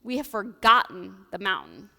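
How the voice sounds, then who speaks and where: A woman's voice: mid-range voice, lively intonation, moderate pace, gravelly, pushed and bright. A woman with an American Midwestern accent giving a casual, chatty sermon from the pulpit, dropping playful asides. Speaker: preacher. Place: church sanctuary. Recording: reverberant church hall.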